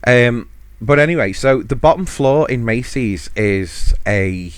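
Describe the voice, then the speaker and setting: A man's voice: mid-range voice, lively intonation, unhurried, clear, resonant tone, no room sound. A man hosting a podcast alone, telling a rambling, self-mocking holiday story with frequent chuckles. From United Kingdom. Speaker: podcast host. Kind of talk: casual solo storytelling.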